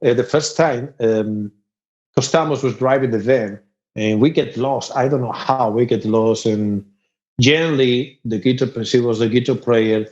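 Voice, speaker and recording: A man from Spain with a Spanish accent, a guest musician telling an animated story in casual chat, jumping into a much higher voice to play the other people and laughing often. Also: moderate pace, dull audio.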